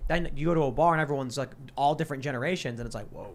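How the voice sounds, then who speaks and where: A man with a Chicago accent co-hosting a casual panel talk show, telling stories in an animated way. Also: medium pitch, very fast. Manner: animated storyteller, jumps into playful voices. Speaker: podcast co-host.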